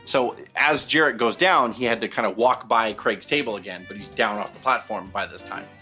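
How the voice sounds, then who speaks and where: Bright-voiced man telling rambling stories. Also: lowish voice, brisk, faint music behind. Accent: Southern Californian. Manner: rambling, animated anecdote-telling with many fillers. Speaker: podcast co-host. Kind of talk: casual storytelling.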